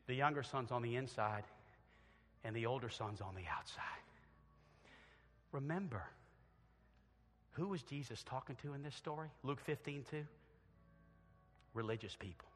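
A male pastor preaching a sermon and altar call in a church, swinging from loud acted quotes to quiet earnest appeals. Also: mid-range voice, husky. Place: church sanctuary. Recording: long church hall reverb.

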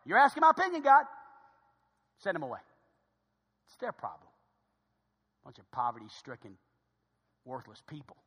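A man's voice: very high voice, big pitch swings, moderate pace, long pauses, bright, forceful tone, breathy edge, voice pushed up, heavily acted. A man voicing a panicky, grumbling male disciple who pleads with God, in an echoey church hall. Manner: frantic, complaining.

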